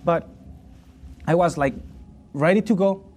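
A man's voice: fairly high pitch, unhurried. A young man from Mexico with a Mexican Spanish accent, talking casually and profanely in an interview, acting out quotes. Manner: profane, animated, acts out quotes. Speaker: fighter. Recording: faint background noise.

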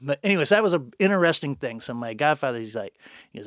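A man's voice: mid-range voice, lively intonation, quick pace, a bit bright, no room sound. Older man, casual podcast storyteller, laughs a lot, salty language, dry close sound. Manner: rambling, laughs often, swears freely. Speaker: podcast guest, bookstore owner.

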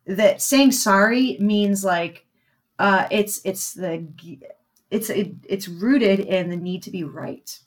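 A woman's voice: medium pitch, slow pace. Rambling, jokey woman in casual chat. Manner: rambling, jokey, many fillers.

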